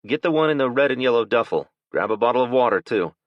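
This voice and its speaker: A protective father, as a male narrator puts him on gives urgent, commanding instructions. His voice is deep and firm. The recording is dry with a slightly muffled top end. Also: animated, a little fast, dry recording. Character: protective father taking charge.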